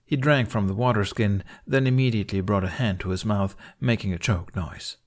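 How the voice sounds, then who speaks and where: A man reading a fan fiction story aloud in calm, measured audiobook narration. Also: on the low side.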